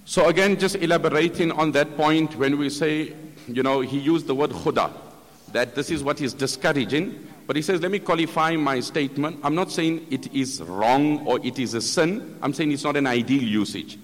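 Sex: man. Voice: fairly high, measured and emphatic, long hall reverb. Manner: measured, emphatic, recites Arabic verses. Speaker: religious speaker explaining a scholar's talk. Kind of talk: religious commentary.

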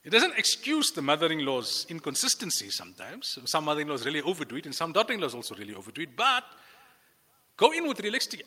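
A man preaching a sermon with lively delivery, acting out the voices he quotes. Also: on the high side, fast, breathy edge, big-room sound. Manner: animated, acts out quoted voices. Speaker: Islamic preacher.

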